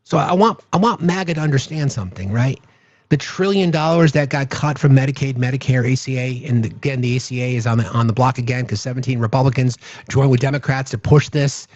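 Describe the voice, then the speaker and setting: A man's voice: mid-range voice, brisk, a little mellow, no echo, lo-fi sound. A man hosting a casual livestream chat, talking bluntly with the odd curse word. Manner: blunt, profane, conversational. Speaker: host.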